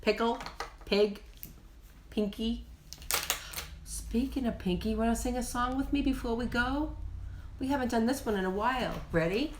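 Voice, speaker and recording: A woman hosting a children's show, gently teaching letter sounds and encouraging the kids watching. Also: lowish voice. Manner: slow, gentle and encouraging, speaks directly to kids. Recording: roomy echo.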